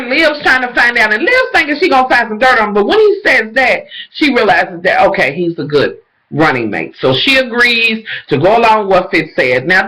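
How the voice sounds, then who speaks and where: A man recapping a TV episode in casual, animated, profane chat, calling his viewers y'all. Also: high voice, low-quality recording.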